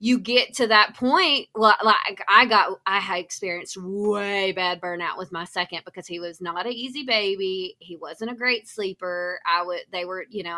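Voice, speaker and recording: A woman guest on a podcast, talking quickly and laughing at herself. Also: medium pitch, sharp tone. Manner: quick, laughing, self-mocking. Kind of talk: casual chat.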